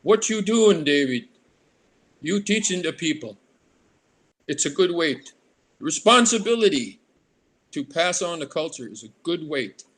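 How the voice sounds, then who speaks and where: A man voicing his elderly grandfather, a gentle older man giving plain, kindly advice. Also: on the high side, very animated, a little slow, long pauses, voice pushed up, full character voice. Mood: warm.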